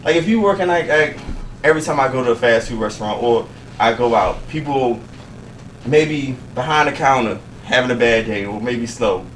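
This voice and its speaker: A man's voice: mid-range voice, animated, moderate pace, fairly bright tone. A man hosting a casual podcast chat, emphatic and profane, laughing as he tells stories. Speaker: podcast host. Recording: echoey room, mic at a distance, faint noise.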